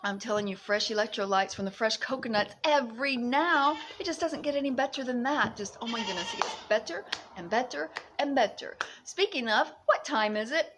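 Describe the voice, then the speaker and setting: Bubbly, high-voiced woman vlogger. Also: brisk, hardly any pauses, fairly bright tone, a little hiss or hum. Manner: bubbly, exclamatory, giggly. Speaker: livestream vlogger. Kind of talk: casual chat to viewers. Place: at home in Fiji.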